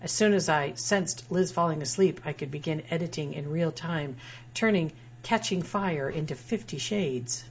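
A woman's voice: low voice, moderate pace. A woman writer reading her own personal essay aloud in a wry, dryly humorous way. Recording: dull lo-fi sound with faint hum.

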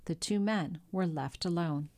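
A woman narrating a classic novel aloud in a steady, even storytelling manner. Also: lowish voice, measured pace. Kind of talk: audiobook narration.

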